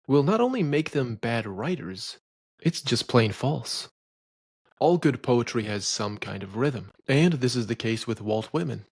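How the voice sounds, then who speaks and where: Male poetry lecturer, mid-pitched, opinionated and didactic, dry close recording. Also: no room sound. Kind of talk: scripted educational narration.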